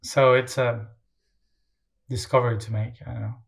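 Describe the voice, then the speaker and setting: A man's voice: mid-range voice, little pitch movement, moderate pace, vocal fry. A man speaking as an interview guest, talking in a reflective, hesitant way with many fillers and restarts.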